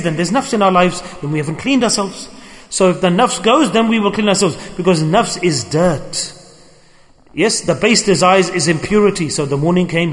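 High-voiced man preaching in a reverberant hall. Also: fairly bright tone. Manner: emphatic, questions the audience and demands call-and-response. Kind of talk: sermon.

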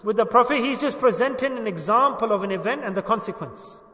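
A male preacher with a high, ringing, bright voice delivers an animated, fairly quick sermon with call-and-response, firing questions at listeners, answering them himself, and urging them to say it loudly. The sound is echoey and distant across a large hall.

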